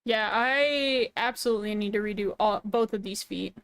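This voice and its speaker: A woman's voice: mid-range voice, normal speed, fairly bright tone, smooth, no echo. A young woman streaming while she draws, chatting casually in a goofy, joking way. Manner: goofy, playful, jokey. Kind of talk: casual chat while drawing.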